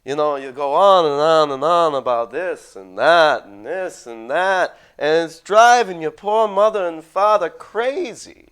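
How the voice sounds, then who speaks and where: An exasperated, fussy parent who scolds on and on in a thick Yiddish-inflected accent, played by a man in a raised, loud voice. His complaints pile up in a nagging rhythm. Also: fairly high pitch, measured pace, hardly any pauses, smooth, voice pushed up. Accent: Yiddish-inflected English.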